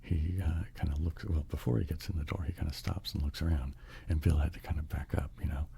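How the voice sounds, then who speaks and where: A man's voice: rumbling low, fairly even intonation, fast talker, gravelly, dark tone. A man telling a whispered ASMR bedtime story, rambling along with many fillers and restarts.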